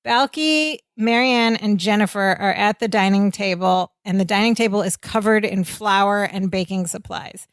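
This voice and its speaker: A woman's voice: mid-range voice, moderate pace, few pauses, clear, resonant tone, no room sound. A woman co-hosting a podcast, casually recapping a sitcom scene by scene and quoting the characters. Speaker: podcast co-host.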